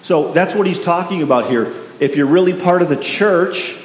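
A man's voice: sits high, normal speed. Man preaching in an echoey hall. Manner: emphatic, repetitive, asks the congregation questions. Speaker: pastor. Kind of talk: sermon. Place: church sanctuary. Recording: echoey hall with faint hiss.

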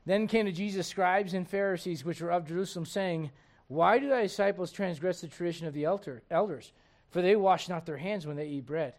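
A man's voice: high-pitched, fairly quick. A man preaching a sermon in an impassioned, conversational way, firing off rhetorical questions to his listeners.

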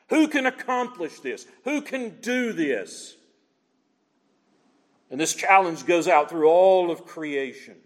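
Male pastor, high and very animated, emphatic rhetorical preaching, long hall reverb. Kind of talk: sermon.

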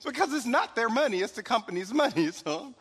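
A man preaching a sermon in a relaxed, conversational way, tossing in "right?" asides and chuckles, recorded in a church hall with long reverb. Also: very high-pitched, fairly quick, breathy edge. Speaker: pastor.

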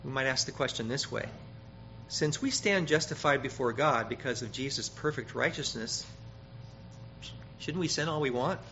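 Bright-voiced man preaching a sermon. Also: mid-range voice, moderate pace. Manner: emphatic, rises loud on quoted scripture, repeats words. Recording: dull, slightly noisy sermon recording.

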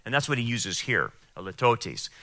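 Guy preaching a sermon, super bright voice, dry close sound, gets loud and emphatic. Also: medium pitch, big pitch swings, no echo. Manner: emphatic, quotes people in raised voices, pauses to explain. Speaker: pastor. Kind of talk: sermon and Bible teaching.

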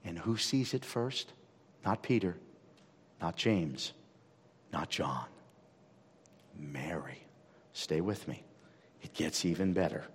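A male pastor preaching a sermon dramatically, dropping to hushed tones and then building to loud, emphatic peaks. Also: deep voice, takes it slowly, long pauses, breathy edge. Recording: reverberant hall.

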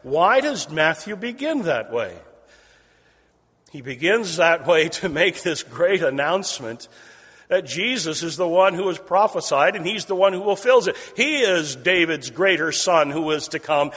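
A man delivers a sermon in a slightly husky, somewhat high voice. He swings from ringing emphasis to a hushed near-whisper and stacks repeated phrases for effect. His voice carries a long reverb from a large hall. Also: animated, normal speed. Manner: repetitive, builds phrases in rhythmic series. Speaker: preacher. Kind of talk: expository sermon.

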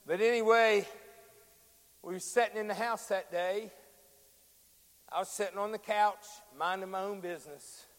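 High-voiced preacher shouting in a hall. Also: male voice. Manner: builds from quiet storytelling to shouted preaching with drawn-out fillers. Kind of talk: sermon.

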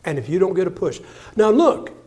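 Older male preacher, 60s, high voice, folksy humor, swings from quiet asides to loud bursts. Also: very animated, fairly quick. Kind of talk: sermon.

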